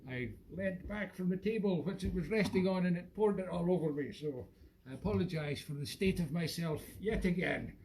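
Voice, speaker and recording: A man's voice: sits high, normal speed, a little mellow, slight background noise, low-quality recording. A man putting on a rambling boozy whisky expert. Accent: put-on Irish-sounding lilt. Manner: rambling, self-mocking, jokey. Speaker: host. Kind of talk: comic live-stream character monologue. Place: at home, live stream.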